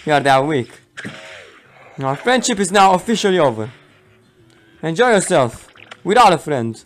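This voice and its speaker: A proud, sulky cyborg orange hero, voiced by a man in a fan gameplay dub. His fairly high voice swings up and down as he sulks and accuses. He talks like a wounded game hero who loves looking cool. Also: very animated, normal speed, a little hiss or hum. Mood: sulking. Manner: petulant, accusing.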